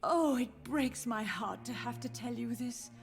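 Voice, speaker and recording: An actress playing an elderly, gently confused mother who grieves for her lost family in a video game. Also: on the high side, measured pace, creaky, breathy edge, soft background music, exaggerated voice. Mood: sorrowful. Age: older. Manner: soft, sorrowful, wandering. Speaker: game character.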